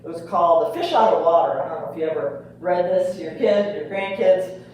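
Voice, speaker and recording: A woman's voice: fairly low pitch, expressive, fairly quick, darkish tone, slight background noise. Older woman telling a story in an echoey room. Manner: chatty, with fillers and laughs. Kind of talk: live comic storytelling. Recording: echoey room, mic far off.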